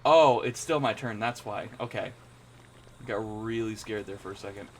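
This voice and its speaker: A young man giving casual commentary while playing a card game, reacting with sudden high-pitched exclamations. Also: moderate pace, slight background noise. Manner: animated, jumps into high squeaky exclamations. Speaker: gaming channel host.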